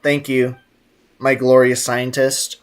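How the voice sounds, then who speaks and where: A man's voice: mid-range voice, monotone, takes it slowly. A man streaming a game, chatting casually and jokingly, reading messages from his chat aloud.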